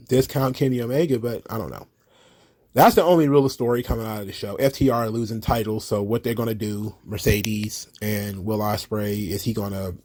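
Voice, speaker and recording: A man's voice: medium pitch, dark tone, no room sound. A man hosting a casual wrestling commentary show, blunt and profane, rambling with lots of fillers.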